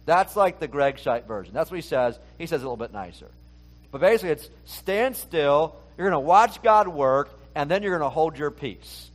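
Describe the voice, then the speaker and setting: A man's voice: a little high, expressive, moderate pace. A male pastor preaching a conversational sermon, talking casually and asking the listeners many rhetorical questions.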